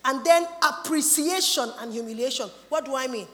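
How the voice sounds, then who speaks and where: Woman preaching, high voice, emphatic, long hall echo. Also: moderate pace, a little hiss or hum. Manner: emphatic, animated, mimics others' voices. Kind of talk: sermon.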